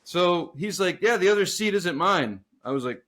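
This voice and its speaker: A man with a slightly raised voice tells a rambling, swearing story for a podcast. He is animated and quick to laugh, and his voice jumps up when he acts out the other people in the story. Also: high-pitched. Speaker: podcast co-host. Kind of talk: casual storytelling chat.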